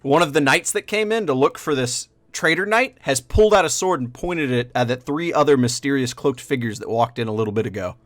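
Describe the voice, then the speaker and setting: A man's voice: mid-range voice, brisk, few pauses, no echo. Brief: male game master, casual narration, dry close sound.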